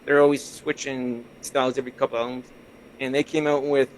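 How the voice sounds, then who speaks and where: A Canadian man with a mid-range voice talks briskly and fairly flatly, guesting on a podcast over a remote call mic. He's an easygoing storyteller who rambles casually through his anecdotes in interview chat, and the rough recording carries slight background noise.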